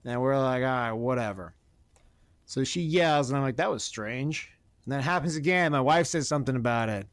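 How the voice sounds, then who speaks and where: A man telling a long profane story about his neighbor in casual podcast chat, animated and blunt. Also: mid-range voice, brisk, no echo, clean studio sound. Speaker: podcast host. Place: Oregon.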